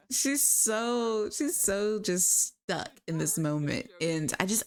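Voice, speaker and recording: A woman narrating a story as she plays a life-sim game, in a chatty, animated way with frequent fillers. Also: mid-range voice, creaky. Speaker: gaming creator.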